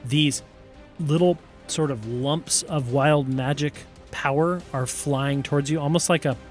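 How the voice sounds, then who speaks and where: A man's voice: on the high side, measured pace, soft background music. A man narrating as game master of a tabletop game, playful and often laughing as he describes the action.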